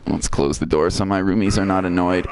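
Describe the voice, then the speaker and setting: A low-voiced man streams a video game against a noisy background. He's chatty, reads viewer comments aloud and reacts playfully.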